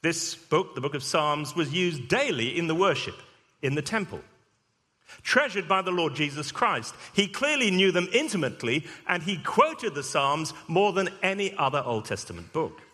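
Male vicar, bright animated delivery, humorous storyteller, long hall reverb. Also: a little high, moderate pace. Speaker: vicar, preacher. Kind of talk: sermon with anecdote.

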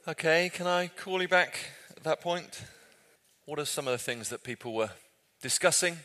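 A man leading a group Bible study, conversational and self-correcting with gentle humor. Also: on the high side, lively intonation, moderate pace. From Britain.

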